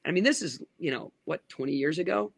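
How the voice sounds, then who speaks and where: A man in his thirties, a pastor, telling stories in casual conversation, rambling with quick asides and restarts. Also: on the high side, animated, creaky, slightly rough, no room sound.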